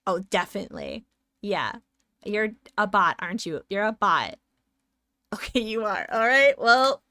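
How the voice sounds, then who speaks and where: A woman's voice: medium pitch, lively intonation, unhurried, pushed and bright, dry recording, studio quality. A woman streamer chatting playfully and sassily with her viewers while she draws, giggling often. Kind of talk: casual live-stream chat while drawing.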